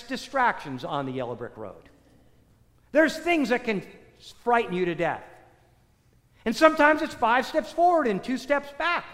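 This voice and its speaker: Animated preacher in a big echoing hall. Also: male voice, extremely high pitch. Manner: animated, rhetorical questions, repetition. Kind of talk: sermon. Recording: echoey hall, long reverb.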